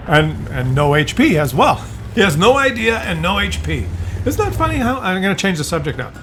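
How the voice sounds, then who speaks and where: A man's voice: a little high, sing-song, moderate pace, a bit bright, a little hiss or hum. A man giving casual gameplay commentary, rambling and joking as he drifts off topic. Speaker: gaming commentator.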